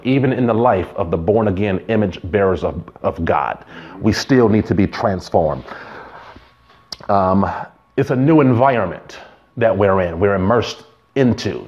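Male pastor, lowish voice, easygoing sermon with stories, dull lo-fi recording. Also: a little mellow. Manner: conversational preaching with stories and asides.

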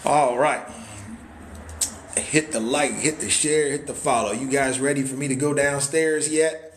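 A man's voice: medium pitch, fairly even intonation, a little slow, a little hiss or hum. A man, hosting a hyped live tour of a wooden cabin, full of hype-man catchphrases and sudden whoops. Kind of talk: hyped live sales stream. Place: indoors in a wooden cabin, moving around.

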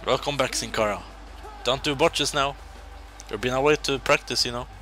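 A man casually commentating his own wrestling video game, excitable, jumping between loud shouts and quiet muttering. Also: medium pitch, normal speed, soft background music.

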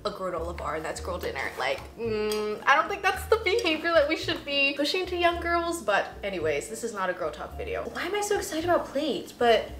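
Casting: bubbly, chatty woman YouTuber in her twenties, high, lively voice, echoey room with faint music. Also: brisk, hardly any pauses. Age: 20s. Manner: bubbly, chatty, giggly, emotional asides. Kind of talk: casual unboxing vlog.

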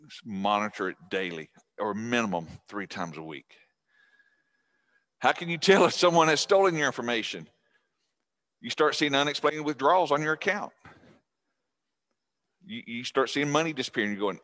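Chatty middle-aged guy, lowish voice, folksy class talk. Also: animated, normal speed, pauses often, fairly bright tone. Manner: folksy and chatty, with restarts and laughs. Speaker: guest speaker on scam prevention. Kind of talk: casual class talk to seniors.

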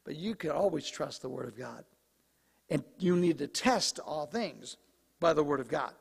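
Hoarse pastor man in a reverberant church. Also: on the high side, lively intonation, moderate pace. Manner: conversational, joking asides. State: slightly hoarse, clearing throat. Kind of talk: sermon. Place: church sanctuary. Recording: live church recording with long reverb.

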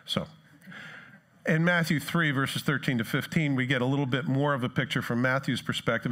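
A man's voice: mid-range voice, fairly even intonation, fairly quick, a bit bright. A male pastor giving a conversational sermon to a church congregation, reading scripture and putting questions to his listeners.

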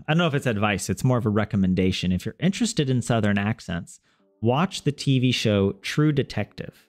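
A man learning a language on a casual livestream, thinking aloud to his viewers with many restarts and self-corrections. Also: lowish voice. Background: soft game music.

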